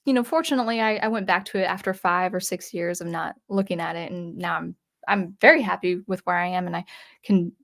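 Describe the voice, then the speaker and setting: A woman's voice: on the low side, fairly quick, vocal fry. A woman hosting her channel, casually recounting a personal story with frequent restarts, asides and acted-out dialogue. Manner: acts out remembered dialogue with shifts in tone. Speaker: electronic music composer and channel host.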